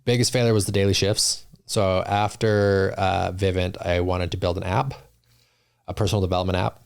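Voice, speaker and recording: A deep-voiced man with a gravelly edge to his voice. He speaks in an even, steady line as a podcast guest. He is earnest and reflective, and he often circles back and restarts his thoughts. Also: moderate pace. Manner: earnest, reflective, many restarts and "you know". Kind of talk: casual interview talk.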